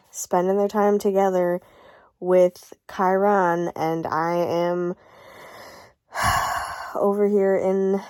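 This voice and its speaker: Young woman, book vlogger, casual diary talk, rambly and gushing, mid pitch, dry sound. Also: a little mellow, no room sound. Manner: rambling and gushing, with many fillers and restarts.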